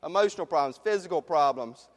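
A man preaching a sermon as pastor, passionate, rising to loud emphasis and dropping to hushed questions. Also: on the high side, animated, fast. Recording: long reverb of a large hall.

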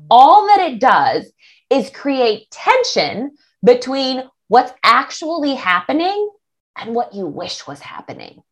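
A woman body image coach answering interview questions in a casual, animated way, acting out the thoughts of others. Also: sits high. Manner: animated, acts out quoted thoughts.

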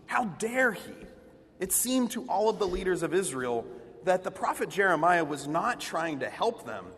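A male preacher delivering a sermon with animated, expressive storytelling. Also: sits high, slightly rough, big-room sound.

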